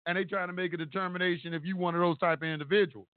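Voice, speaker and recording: A man with a fairly high voice tells his story in a casual, animated way, swearing freely as he acts out the people in it. The sound is thin and phone-like. It is also quite dry, with no room echo. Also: rapid-fire. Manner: animated, profane, acts out courtroom exchanges. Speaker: storyteller recounting court experience.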